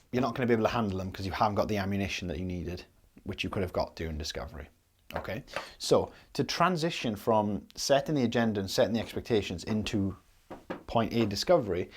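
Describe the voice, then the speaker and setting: A young man teaching sales technique in a casual, explanatory way, often ending a point with "okay?". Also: lowish voice. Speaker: sales coach. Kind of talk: instructional talk to camera.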